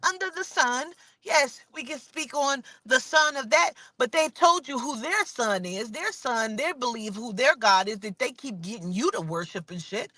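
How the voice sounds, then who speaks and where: A woman's voice: expressive, moderate pace, few pauses, bright, forceful tone, no room sound. A woman giving an impassioned, profane spiritual monologue, repeating and stressing her points in a preachy way. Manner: preachy, profane, repetitive and emphatic; drops to a low mutter when saying she is getting angry. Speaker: spiritual vlogger.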